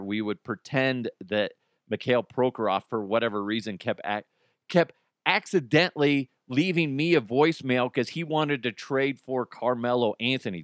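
A man's voice: medium pitch, dry recording, clean studio sound. A man hosting a comedy podcast, rambling casually and laughing at his own jokes. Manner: rambling, self-laughing, animated. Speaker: podcast host.

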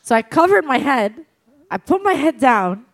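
A woman casually telling an embarrassing story in a chat, animated and laughing often as she talks. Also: sits high, normal speed.

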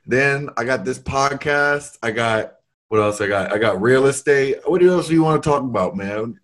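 A man hosting a podcast in relaxed, joking casual chat. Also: medium pitch, normal speed. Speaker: podcast host.

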